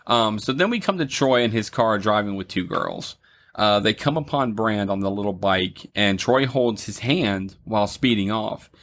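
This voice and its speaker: Young guy with a lowish voice recapping a movie on a podcast, lots of ums. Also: expressive, a bit bright. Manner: retells the plot with many ums, laughs and quick mock voices. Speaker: podcast co-host. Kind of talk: casual movie review chat.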